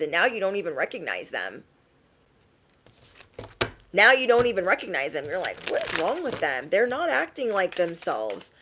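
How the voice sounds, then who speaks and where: A woman tarot reader giving a casual message to her viewers, chatty and animated, often laughing and repeating lines for emphasis. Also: mid-range voice. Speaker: tarot reader and motivational YouTuber.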